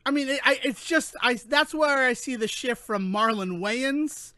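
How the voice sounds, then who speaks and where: A man co-hosting a podcast, chatting casually in an animated, rambling way that keeps interrupting itself. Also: extremely high pitch, a little slow, no room sound, clean studio sound. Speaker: podcast co-host. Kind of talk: casual chat.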